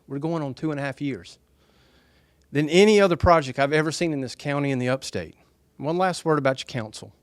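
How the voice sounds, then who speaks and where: A middle-aged man, speaking earnestly and softly to residents at a town meeting. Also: medium pitch, animated, fairly quick, no room sound. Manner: soft-spoken, earnest, folksy. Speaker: developer's representative at a town hall. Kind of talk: public speech at a town meeting.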